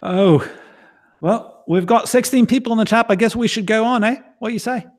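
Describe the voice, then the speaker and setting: A man's voice: sits high, moderate pace. A man hosting a casual livestream, rambling and jokingly teasing his co-host. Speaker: streaming show host.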